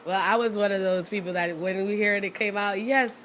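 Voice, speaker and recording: A woman's voice: medium pitch, fairly even intonation, a little fast, fairly bright tone, slight background noise. A woman born in Brooklyn, co-hosting a studio talk show in casual chat, laughing often. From Brooklyn, New York. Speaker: co-host.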